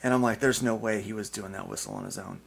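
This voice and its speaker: A man's voice: lowish voice, huge pitch swings, fast, vocal fry, slight background noise. A man hosting a casual panel podcast, joking and rambling with fillers. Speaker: podcast host.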